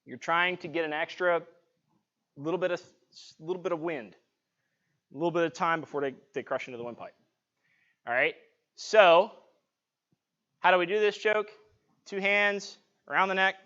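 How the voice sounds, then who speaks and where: A man's voice: on the high side, moderate pace, pauses often, pushed and bright. A man teaching a live-streamed self-defense class, talking casually and checking in with "right?" as he demonstrates. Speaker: martial arts instructor. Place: martial arts studio. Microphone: clip-on mic, sometimes knocked off. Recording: dull lo-fi livestream audio.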